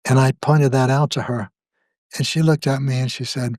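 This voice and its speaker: An older man talks slowly and deliberately, weighing each thought as a guest in a reflective conversation. His voice sits at an ordinary middle pitch and the recording is close and dry, with no room sound. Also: steady tone, darkish tone, dry recording. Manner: slow, measured, thoughtful. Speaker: guest, spiritual author.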